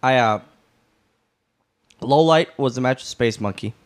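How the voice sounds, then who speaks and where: A man guesting on a podcast, telling a backstage story in a lively way and swearing freely. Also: mid-range voice, unhurried.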